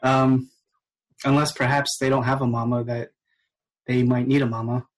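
A mid-pitched man playing a tabletop game. He talks casually and hesitantly, rambling through his thoughts. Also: flat delivery, moderate pace. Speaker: player.

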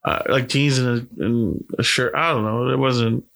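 Fired-up guy ranting in a casual chat, swears a lot, bright voice. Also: mid-range voice, normal speed, gravelly. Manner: angry, profane storytelling; animated, voice jumps up for quoted outbursts.

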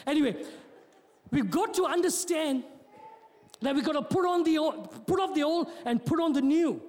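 Animated joking pastor in a reverberant church. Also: male voice, very high voice, moderate pace. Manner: joking, animated, repeats words often. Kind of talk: sermon. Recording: long hall reverb.

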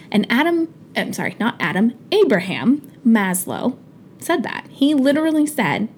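Speaking unhurriedly in a somewhat high, sing-song voice, a female podcast host in her thirties gives a casual motivational monologue. She's earnest and chatty, full of fillers and restarts, and a bit of background noise can be heard.

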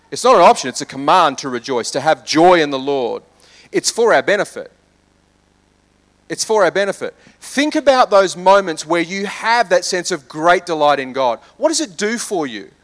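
A male pastor preaching a sermon, moving between lively urging and hushed prayer. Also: a little high. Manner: animated, swings from loud urging to hushed prayer.

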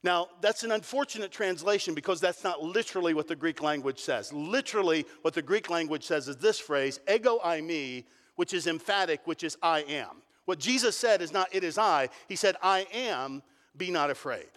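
Animated preacher in a reverberant hall. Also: male voice, a little high, a little fast, few pauses. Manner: animated preaching, storytelling with emphatic repetition. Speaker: pastor. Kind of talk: sermon. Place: church sanctuary. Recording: long reverb of a large hall.

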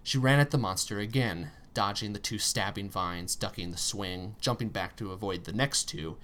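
A man narrating a story aloud in an expressive reading style, with tense pauses and strong emphasis. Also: on the low side. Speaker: story reader.

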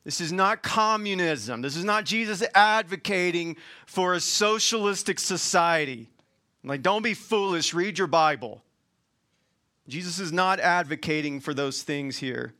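A man preaching a sermon in a colloquial, folksy way, swinging from loud emphatic points to quiet asides. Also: high-pitched, a little slow.

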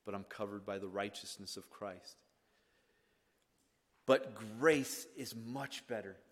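A man's voice: on the low side, slow. Dynamic male preacher in a reverberant hall. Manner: dynamic preaching that swings from hushed to loud and emphatic. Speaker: pastor. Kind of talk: sermon. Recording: long reverb of a church hall.

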